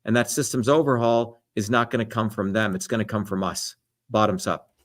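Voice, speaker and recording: A man's voice: on the low side, fairly even intonation, brisk. Emphatic lecturing middle-aged man. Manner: emphatic, lecturing, repeats "the reality is". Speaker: presidential candidate answering debate questions. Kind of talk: live-stream debate commentary.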